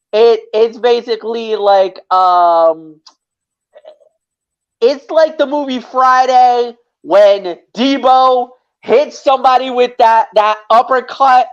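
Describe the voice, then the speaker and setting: Slow, hesitant wrestling podcast co-host. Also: medium pitch, dull audio. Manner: hesitant, with repeated words and fillers. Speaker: wrestling show co-host and lead commentator. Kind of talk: casual podcast recap.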